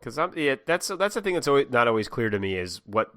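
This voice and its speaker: A man co-hosting a casual chat, talking in a wry, halting way with quick jokes and restarts. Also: mid-range voice, big pitch swings, a bit bright. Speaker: podcast co-host.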